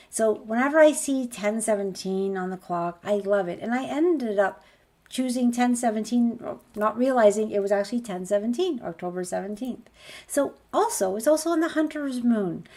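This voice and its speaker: A woman's voice: medium pitch, a little mellow. A woman, a spiritual healer, giving an earnest motivational talk, stacking rhetorical questions as she promotes her course.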